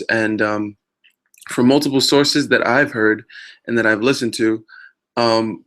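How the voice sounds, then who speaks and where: A man's voice: lowish voice, a bit bright. A man hosting a wrestling news vlog, talking in a rambling, casual way with many fillers and self-mocking jokes. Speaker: wrestling news show host.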